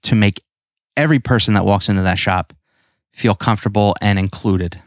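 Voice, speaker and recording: A man co-hosting a podcast, chatting casually and getting animated, repeating words as he gets going. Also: lowish voice, normal speed, no echo, clean studio sound. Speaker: podcast co-host. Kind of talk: casual chat.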